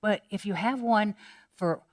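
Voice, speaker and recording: A woman's voice: mid-range voice, unhurried, pitched above the performer's own voice, natural voice. A woman voicing a cheeky little boy in a joke she tells during a sermon.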